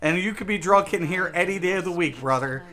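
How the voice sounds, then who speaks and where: Sounding a little tipsy, a live game streamer talks with his viewers in a loose, rambling, emphatic way, saying "dude" constantly and repeating himself. He speaks a little fast, with a high-sitting voice and a sharp tone.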